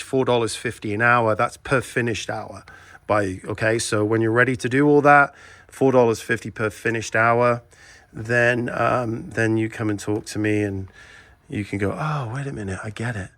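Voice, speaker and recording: A man's voice: on the low side, fairly bright tone, no room sound. Blunt, chatty English man. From England. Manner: blunt, chatty, ranting asides. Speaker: video transfer shop owner. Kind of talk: casual workshop vlog. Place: his shop indoors at night.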